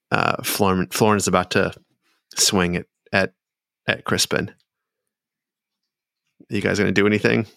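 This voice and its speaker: A man narrating as game master in a tabletop game, halting and full of fillers. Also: low-pitched, gravelly, fairly bright tone, dry recording, clean studio sound.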